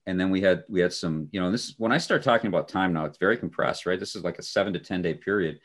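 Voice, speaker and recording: A man co-hosting a podcast, telling a story in a relaxed way with dry, sarcastic humor and lots of fillers. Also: deep voice, quick pace. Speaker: podcast co-host. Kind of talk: casual conversational storytelling.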